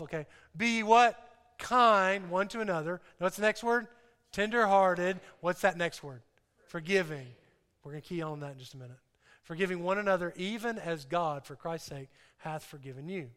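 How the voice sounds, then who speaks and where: A man's voice: high-pitched, fairly bright tone. A man preaching a sermon, emphatic, asking his listeners questions and repeating key points. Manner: emphatic, asks the audience questions. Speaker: pastor. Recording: reverberant hall.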